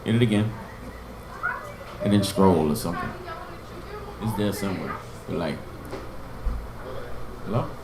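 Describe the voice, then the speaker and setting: A man's voice: low voice, a little slow, long pauses, echoey room, background noise. A man teaching an informal Hebrew class, patiently sounding out and repeating each word and giving memory tricks. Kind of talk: informal online language lesson.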